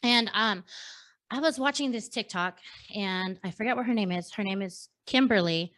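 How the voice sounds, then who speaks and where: A woman in her thirties from San Diego hosting a casual panel chat, telling stories in a chatty, animated way. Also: mid-range voice, normal speed. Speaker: host.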